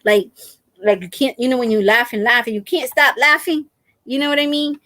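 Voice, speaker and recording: Animated, laughing middle-aged woman storyteller. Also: a little high, brisk, no room sound. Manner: animated, laughing often, repeats words. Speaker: crafting channel host. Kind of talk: casual storytelling to viewers.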